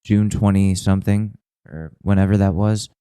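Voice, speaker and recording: A man's voice: low voice, steady tone, moderate pace, warm tone, clear, resonant tone, dry recording, low-quality recording. A man in his twenties hosting a podcast, rambling through a self-mocking, profane comedic monologue. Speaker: podcast host.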